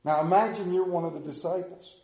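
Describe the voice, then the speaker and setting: A man preaching a sermon in an emotional, halting way, often repeating his words as he gets carried away. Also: high-pitched, mellow, reverberant.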